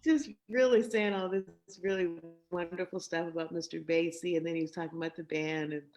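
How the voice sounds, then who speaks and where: An older woman guest telling a story in a lively, animated way, acting out the people in it and laughing along. Her voice sits low. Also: a little fast, muffled recording, soft background music. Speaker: guest vocalist. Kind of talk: storytelling in a conversation.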